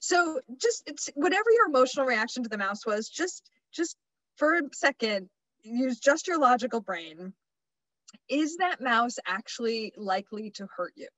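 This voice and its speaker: A woman's voice: fairly high pitch, big pitch swings, moderate pace, a bit bright, no echo, low-quality recording. Chatty woman presenting a webinar. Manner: chatty, many fillers and restarts. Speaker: workshop presenter.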